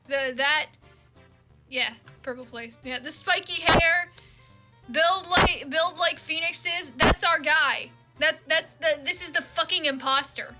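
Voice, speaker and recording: High, bright woman streamer, swearing. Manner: swears a lot, rambling, laughing asides. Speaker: game streamer. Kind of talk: casual let's-play commentary.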